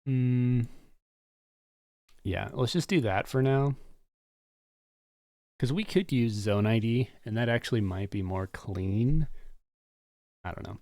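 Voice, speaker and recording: A man's voice: mid-range voice, slow, long pauses, darkish tone, no room sound, studio quality. A man live-streaming his coding work, talking casually and thinking aloud with muttered asides. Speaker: streamer and game developer.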